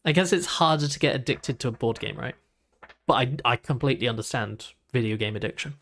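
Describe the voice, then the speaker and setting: A man's voice: medium pitch, fairly quick, a bit bright, slight background noise. A young man, chatting casually while reacting to videos, rambling with lots of "like" and restarts.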